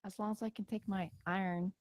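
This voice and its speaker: A woman's voice: medium pitch, fairly even intonation, fairly quick, a little mellow, dry recording. Bantering Canadian woman co-host. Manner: bantering, quizzical. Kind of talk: casual chat.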